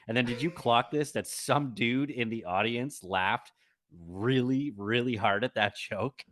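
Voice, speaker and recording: Bright-toned dry male podcast co-host. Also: mid-range voice, a little slow. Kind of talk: casual chat.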